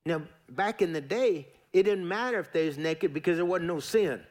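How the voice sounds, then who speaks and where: A middle-aged pastor with a fairly high voice preaches a sermon at a moderate pace. His style is folksy and emphatic, with repeated phrases for weight and asides to the congregation.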